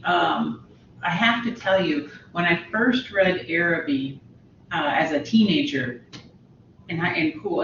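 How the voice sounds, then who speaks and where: A woman's voice: fairly low pitch, fairly bright tone, a little hiss or hum. Chatty woman instructor in a roomy space. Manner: chatty, with fillers and restarts. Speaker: college literature instructor. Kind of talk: casual lecture to students. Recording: roomy, distant, dull lo-fi audio.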